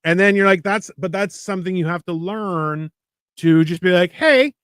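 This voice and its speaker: A man's voice: sits high, steady tone, moderate pace, a bit bright, clean tone, dry recording. A man co-hosting a casual podcast, blunt and sarcastic, pushing back on the others with crude banter. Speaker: podcast co-host.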